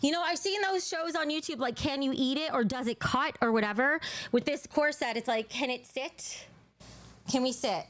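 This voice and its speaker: A woman's voice: sits high, normal speed, fairly bright tone. A woman hosting a casual livestream, talking to her chat in a crude, joking, bubbly way, sometimes out of breath. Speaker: livestream host.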